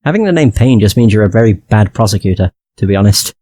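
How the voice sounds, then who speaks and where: A man's voice: fairly low pitch, expressive, fast, darkish tone, slight background noise. A man casually commenting and joking as he plays through a story game. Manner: joking, casual asides, swearing. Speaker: let's play host.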